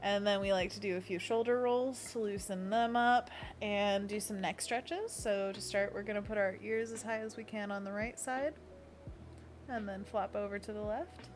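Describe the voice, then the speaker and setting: A woman's voice: mid-range voice, fairly even intonation, moderate pace, a little hiss or hum. A young woman hosting a casual livestream, playful and giggly, leading hand stretches with silly monkey noises. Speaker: livestream host.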